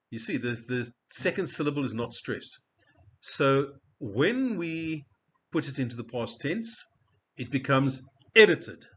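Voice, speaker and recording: A man's voice: mid-range voice, dull audio. A man teaching a recorded spelling lesson, carefully repeating and stressing each example word.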